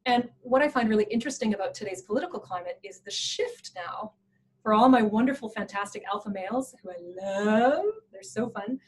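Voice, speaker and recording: Animated woman giving a workshop talk. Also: fairly high pitch, fairly quick, low-quality recording. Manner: animated, playful, laughs often. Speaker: presenter.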